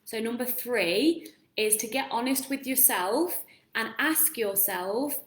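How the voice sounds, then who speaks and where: A woman's voice: on the high side, slow pace. A woman coaching viewers in a casual live-stream talk, earnest and encouraging, asking them lots of questions. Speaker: self-help coach. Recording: roomy echo.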